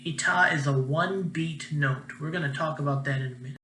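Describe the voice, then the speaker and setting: A man's voice: fairly high pitch, a little fast, bright, forceful tone, echoey room, a little hiss or hum, low-quality recording. A young man, a music teacher, giving a patient, encouraging recorded class lesson.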